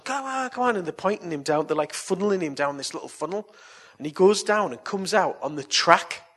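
A preacher with a husky, slightly raised voice. He spins a yarn like a chat among mates, then turns it into earnest, coaxing appeals. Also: sits high. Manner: chatty, anecdotal storytelling. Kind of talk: evangelistic sermon and altar call.

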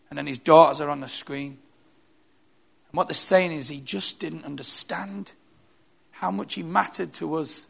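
Gravelly emphatic male preacher. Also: on the high side, unhurried, long pauses, a bit bright. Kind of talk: sermon.

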